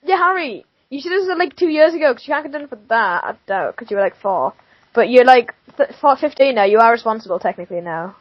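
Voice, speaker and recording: A woman's voice: on the high side, animated, fast talker, husky. A teenage girl mocking and interrupting her friends on a casual podcast. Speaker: podcast co-host. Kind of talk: casual chat among friends. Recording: dull lo-fi sound.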